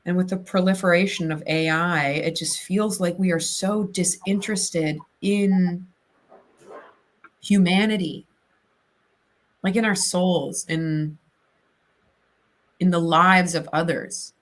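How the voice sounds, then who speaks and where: A woman's voice: lowish voice, fairly even intonation. A woman from southern Ohio, an actor, chatting as a guest on a livestream interview with lots of fillers. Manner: chatty, talks in quick bursts with many fillers.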